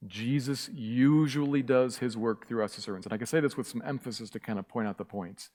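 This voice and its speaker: Impassioned preacher in a reverberant church. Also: male voice, medium pitch, a little fast, darkish tone. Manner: impassioned, emphatic repetition. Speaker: pastor. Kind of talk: sermon. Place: church sanctuary.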